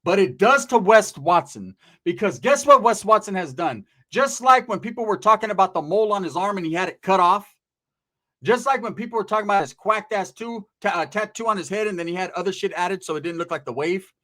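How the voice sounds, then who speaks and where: A middle-aged man spins a profane street story with a slightly raised pitch. He talks in heavy slang and swings into quick impressions of the people in his tale. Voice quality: scraggly-bearded street talker, slangy. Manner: animated, profane, acts out voices in his stories. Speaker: podcast host.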